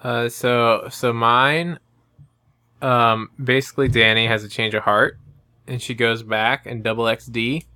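A hesitant man co-hosting a podcast, feeling his way through with ums and restarts and landing dry jokes. His voice is mid-pitched and bright. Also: steady tone, unhurried, smooth. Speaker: podcast co-host. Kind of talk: casual chat.

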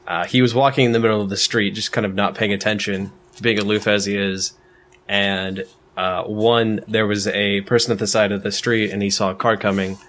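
A man's voice: lowish voice, flat delivery, normal speed, a bit bright. A man playing in a tabletop game, eagerly telling his character's backstory in casual chat. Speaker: player.

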